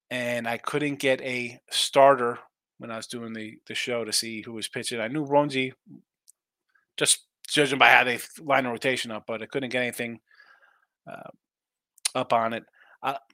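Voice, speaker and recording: A man's voice: mid-range voice, sharp tone, dry recording, clean studio sound. A man hosting a live sports betting show, chatting casually through the day's games and reading viewer comments, thinking aloud and answering his own questions.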